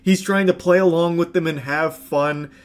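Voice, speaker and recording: A man's voice: fairly high pitch, steady tone, normal speed, clear, resonant tone. A man giving sarcastic, profane reaction commentary on prank videos, mocking what he watches. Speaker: commentary YouTuber.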